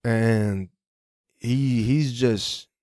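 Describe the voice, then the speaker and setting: A man's voice: medium pitch, drawn-out words, a little mellow, no room sound, clean studio sound. A young man hosting a podcast, recounting a personal story in casual street slang, swearing freely and restarting his sentences often. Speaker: podcast host.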